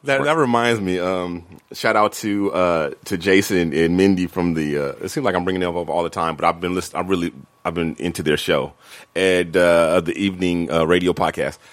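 A man's voice: low-pitched, moderate pace, dry recording. A man in his forties, co-hosting a podcast, telling loose, chatty stories and laughing often. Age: 40s. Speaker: podcast co-host. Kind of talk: casual chat.

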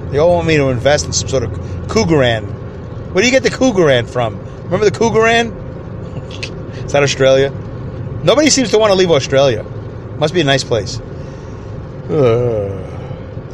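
A man's voice: on the high side, noisy background. Rambling, joking American man in a car. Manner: rambling, joking, chuckles often. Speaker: podcast host. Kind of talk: solo comedic monologue podcast. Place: alone in a parked car.

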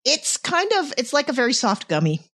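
Playful woman with a lively voice. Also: sits high, brisk. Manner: playful, laughs often, repeats herself when starting. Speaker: podcast co-host. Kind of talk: casual chat. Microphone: video call.

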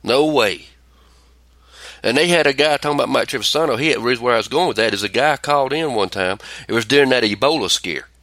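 A man's voice: medium pitch, fast, no echo. A man hosting a casual podcast chat, ranting and telling stories with plenty of swearing. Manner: profane, ranting, animated storytelling. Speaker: podcast host.

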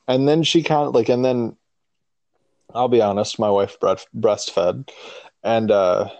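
A man's voice: lowish voice, fairly even intonation, takes it slowly, creaky, darkish tone, no room sound. A man co-hosting a casual podcast, telling rambling, profane stories about being a dad with many restarts. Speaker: podcast co-host; father.

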